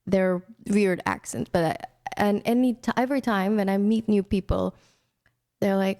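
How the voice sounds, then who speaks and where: Chatty young woman from India, mellow. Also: medium pitch, moderate pace. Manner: chatty, storytelling, frequent restarts. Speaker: radio show host. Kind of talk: casual personal radio talk.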